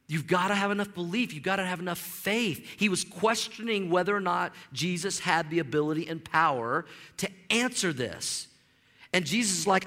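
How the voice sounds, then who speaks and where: Bright-voiced pastor preaching in a hall. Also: male voice, fairly high pitch, normal speed. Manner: animated, emphatic preaching with frequent stammered restarts. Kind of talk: sermon. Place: church sanctuary. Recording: long reverb of a large hall.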